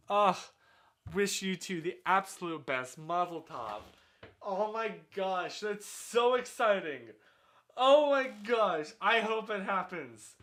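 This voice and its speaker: A man chatting casually on his own live stream from a small room at home. His voice swings up and down in a lively, animated way, and he gushes freely. He talks into a desk microphone that he sometimes turns away from. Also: high-pitched, slow. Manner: chatty, animated, effusive congratulations. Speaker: livestream host. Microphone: desk microphone, sometimes turned away.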